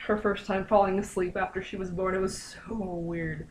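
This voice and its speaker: Young woman, casual vlog storytelling, chatty, animated quotes, faint background noise. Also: medium pitch, moderate pace, low-quality recording. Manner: chatty, lots of fillers, animated quoting. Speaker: vlogger.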